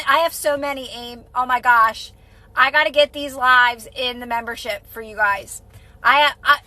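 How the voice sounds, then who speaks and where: Bright high-voiced woman coaching live. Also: poor audio. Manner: casual, repetitive, reassuring advice; answers viewer comments. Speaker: manifestation coach. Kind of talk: live-stream chat.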